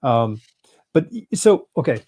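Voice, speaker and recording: A man's voice: mid-range voice, sing-song, unhurried, dark tone, husky, dry recording. A man hosting a casual podcast chat, telling stories with bursts of emphasis and frequent restarts. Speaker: podcast host.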